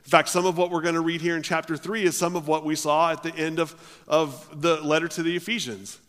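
A male pastor preaching a sermon, often restarting his words, his voice swelling loud and then dropping low. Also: steady tone, a little fast, long reverb tail. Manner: stammering restarts, swells and drops in volume.

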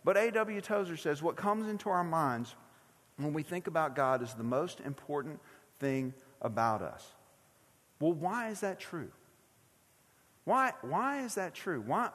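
A middle-aged man preaches a sermon from a church platform, his voice pitched high for a man. He talks in a loose, conversational way, asking the congregation one question after another. His words ring out with the long reverb of a large hall. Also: a bit bright. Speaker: pastor. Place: church sanctuary.

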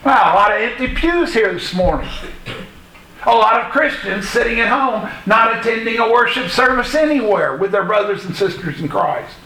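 A man preaching a sermon to a congregation in a church, emphatic and deliberate, with a sarcastic edge at times. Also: high voice, animated, bright, forceful tone, low-quality recording. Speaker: pastor. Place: church sanctuary.

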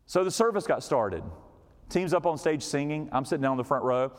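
A man preaching as a pastor, telling a story in an animated way and acting out quoted voices, sometimes dropping to a whisper. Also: a little high, brisk. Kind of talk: storytelling sermon. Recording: long hall reverb.

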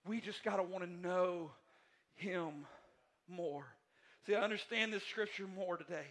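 Male pastor, high bright voice, emphatic repetitive sermon delivery. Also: unhurried. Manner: repetitive, emphatic preaching with swings between soft and loud passages. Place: church sanctuary.

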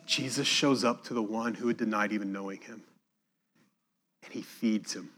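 A man preaching a sermon, reading scripture aloud with emphasis and dropping to a hushed, quiet voice to reflect on it. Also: fairly low pitch, fairly even intonation, moderate pace.

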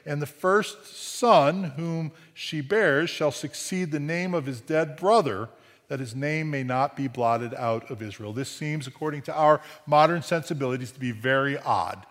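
A man's voice: a little high, unhurried, a bit bright, big-room sound. A man preaching a sermon in a conversational way, often asking "right?" and restarting phrases, with dry humor. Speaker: pastor.

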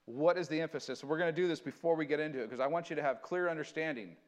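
A man preaching a sermon, switching between earnest conversational teaching and slow, dramatic scripture reading. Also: a little high. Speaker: pastor.

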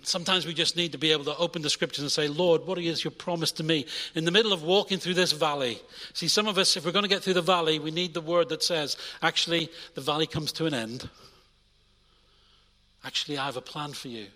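A young adult man preaching a sermon in a church, energetic, swinging between loud urging and quiet intimate asides. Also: on the high side, fast, in a large hall. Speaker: pastor.

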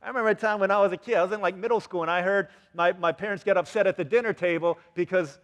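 High-voiced man preaching in a hall. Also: racing. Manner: animated storytelling with acted-out quotes. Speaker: pastor. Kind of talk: sermon. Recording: long hall reverb.

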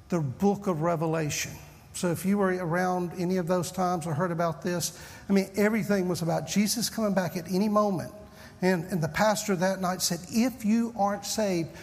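A Southern US man in his fifties, preaching with an easygoing, self-mocking warmth of storytelling. His voice sits fairly high for a man, and a long hall reverb trails behind every phrase. He sounds like a pastor at a church pulpit. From Southern United States. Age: 50s. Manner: folksy, self-deprecating storyteller. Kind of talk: humorous sermon opening.

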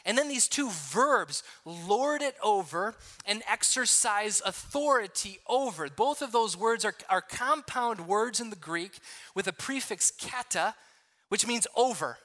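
A man's voice: sits high, animated, unhurried, bright, forceful tone. A man preaching a sermon, explaining a passage word by word with frequent restarts and asides. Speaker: pastor.

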